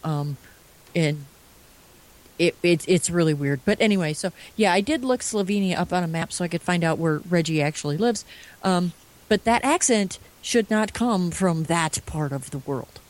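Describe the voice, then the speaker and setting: A woman co-hosting a casual podcast chat, animated and swearing freely, with many restarts. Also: lowish voice, normal speed. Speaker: podcast co-host.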